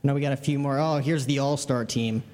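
A man's voice: mid-range voice, steady tone, brisk, a little mellow. Upbeat man hosting a podcast, echoey. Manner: brief, upbeat reactions and prompts. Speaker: podcast host. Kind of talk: casual podcast chat.

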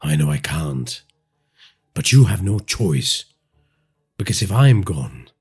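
A man reading a crime audio story and voicing a hardened, grim middle-aged father who speaks low and bluntly. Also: very animated, slow, breathy edge, soft background music, full character voice. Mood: firm.

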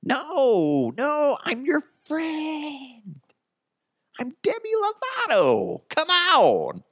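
A man putting on a shrill, whiny voice for a mocking woman pleading with aliens. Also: wildly swooping pitch, drawn-out words, fairly bright tone, no room sound, clean studio sound, exaggerated voice.

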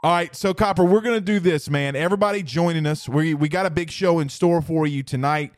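A man co-hosting a casual sports podcast, excitable and animated, jumping between quick banter and self-corrections. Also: a little high. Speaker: podcast co-host.

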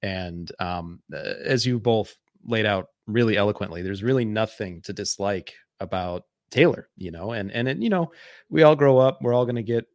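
A man's voice: fairly low pitch, normal speed, no room sound, clean studio sound. A man co-hosting a podcast in casual chat, hesitant with many fillers. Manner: hesitant, many uh and you know. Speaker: podcast co-host.

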